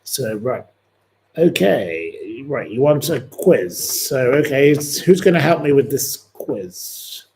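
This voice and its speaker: A man's voice: medium pitch, big pitch swings, slow, warm tone, slight background noise. A man hosting a live-stream quiz, chatting in a rambling, opinionated way between questions. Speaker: livestream host.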